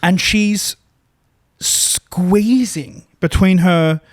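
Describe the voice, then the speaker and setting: A podcast co-host tells a long, rambling, self-deprecating story in a casual, profane way, full of restarts. His voice is high-pitched with drawn-out words. The sound is clean studio quality with no echo.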